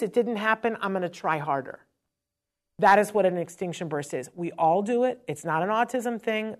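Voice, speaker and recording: In a mid-range voice, a woman earnestly and emotionally shares a personal parenting story during a conversational talk about autism.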